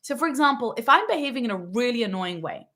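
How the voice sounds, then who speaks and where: A woman's voice: fairly high pitch, expressive, quick pace, sharp tone. A woman hosting a parenting channel, answering a viewer's question in a casual, emphatic monologue that often checks in with "right?" and "okay". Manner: acts out quoted parents in little voices.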